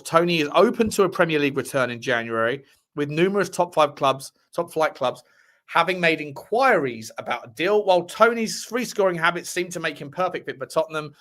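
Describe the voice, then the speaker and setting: A man with a voice on the high side and a bit bright hosts a football fan livestream. Chatting casually, he reads transfer articles aloud, repeating phrases and throwing in cheeky comments.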